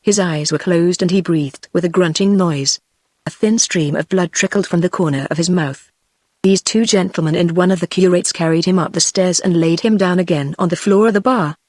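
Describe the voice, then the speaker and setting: A text-to-speech woman's voice with a British English accent, reading an audiobook in an even, measured way. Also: fairly low pitch, dry recording. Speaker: audiobook narrator. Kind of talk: synthetic audiobook narration.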